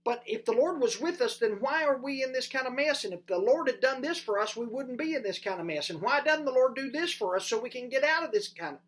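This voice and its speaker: Brief: a preacher voicing a whiny, scared young man making excuses, pitched up and pleading. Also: animated, fast, few pauses. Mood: whining. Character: whining, frightened young man, full of excuses.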